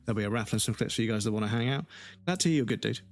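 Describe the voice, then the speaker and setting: A man with a lowish, vocal-fry voice talks rapid-fire as he livestreams a game, chatting casually, swearing, and laughing at his own frustration. Game music plays in the background.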